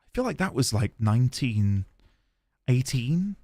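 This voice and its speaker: A man's voice: medium pitch, big pitch swings, a little slow, mellow, no room sound. A man streaming a game, musing aloud playfully as he reads notes and explores. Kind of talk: let's-play commentary.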